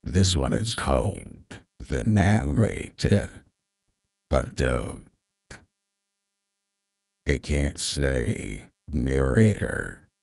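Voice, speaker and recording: A streamer talking through an AI voice changer preset that gives a deep male narrator's voice, speaking slowly and deliberately. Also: big pitch swings, vocal fry, a little mellow, husky, no echo, clean studio sound, full character voice. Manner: slow, deliberate. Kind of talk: live stream chat.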